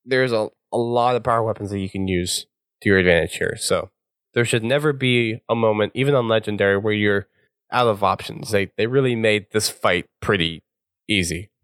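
A man's voice: on the low side, moderate pace, dry recording, clean studio sound. Chatty man hosting a game walkthrough. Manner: relaxed, chatty, laughs often. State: recovering voice. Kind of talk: casual gameplay commentary.

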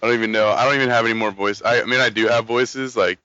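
A man's voice: medium pitch, steady tone, rapid-fire, bright, forceful tone, clear, resonant tone, dry recording, highs cut off. A young man chatting casually as a guest on a podcast, joking around and trying out silly announcer voices.

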